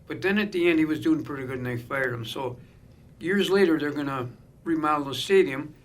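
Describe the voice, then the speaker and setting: Here a middle-aged man, appearing as a guest, talks fairly quickly in a slightly high voice. His casual storytelling is animated, with him voicing the quoted lines of others.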